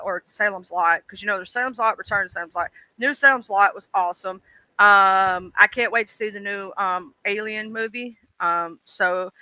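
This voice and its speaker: A woman's voice: medium pitch, sharp tone, no echo, poor audio. A woman hosting a casual livestream, chatting bluntly about online drama and swearing freely. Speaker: livestream host.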